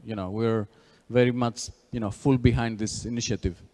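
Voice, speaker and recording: A man's voice: medium pitch, steady tone, normal speed, dark tone. Greek-accented man giving a conference talk. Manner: frequent "you know" fillers, restarts. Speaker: conference speaker. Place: conference hall. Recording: long hall reverb.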